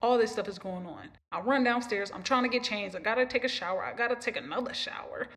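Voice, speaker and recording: A woman's voice: on the high side, fast, a bit bright. Rambling emotional woman podcast host. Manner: rambling, emotional, repeats herself. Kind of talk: casual storytelling monologue.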